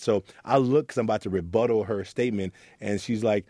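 A man from Oakland speaks in an interview with a low, mellow voice. He tells his story earnestly as a youth mentor and acts out the people in it. The room is dry and close. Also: brisk, dry recording. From Oakland, California. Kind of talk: reflective interview talk.

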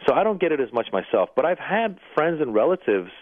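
A man, a comedian and actor, telling stories in a radio interview, relaxed and self-deprecating with frequent hesitations. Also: a little high, fast talker, no room sound. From Iranian-American family. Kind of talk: casual anecdote-telling interview. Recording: dry, phone-like radio line.

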